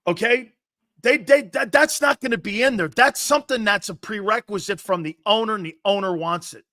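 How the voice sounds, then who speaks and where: High, sharp-voiced man ranting. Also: fairly quick, dry recording, studio quality. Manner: combative, sarcastic, reads and answers chat comments; crude and emphatic, swears, repeats points. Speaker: sports talk host. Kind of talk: livestream sports rant.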